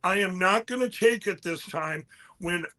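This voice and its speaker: A man speaking as an interview guest, telling a long story in an animated, rambling way and quoting other people as he goes. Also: sits high, unhurried. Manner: animated, quotes others in mid-story, frequent restarts.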